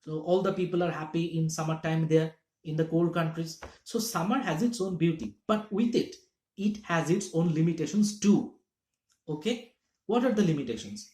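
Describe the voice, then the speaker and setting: A man's voice: fairly high pitch, moderate pace, a little mellow. A man teaching literature in a classroom-lecture style, explaining step by step and checking in with his listeners. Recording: echoey room.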